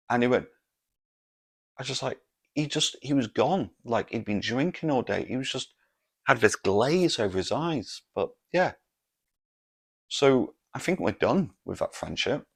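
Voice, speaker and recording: A man's voice: fairly low pitch, gravelly. A man hosting a solo comedic podcast, telling a story in an exasperated rant full of swearing. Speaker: podcast host.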